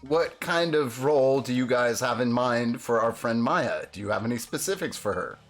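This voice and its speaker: A man hosting a live stream, teasing and excitably pushing a chatbot with requests. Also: mid-range voice, moderate pace, faint music behind. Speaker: livestream host. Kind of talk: casual live-stream chat.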